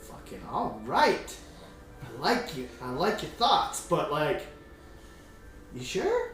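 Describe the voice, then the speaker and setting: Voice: medium pitch, wildly swooping pitch, slow pace, fairly bright tone, soft background music, exaggerated voice. A game master voicing a sleazy, pushy male rogue who flirts and leers. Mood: coaxing. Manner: leering, overfamiliar. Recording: roomy, distant mic, faint hum.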